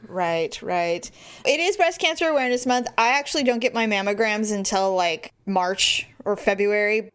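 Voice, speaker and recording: A woman co-hosting a podcast, telling a story in casual chat with animated delivery and casual swearing. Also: mid-range voice, normal speed, clear, resonant tone. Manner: animated storyteller, acts out quoted voices; swears freely. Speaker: podcast co-host.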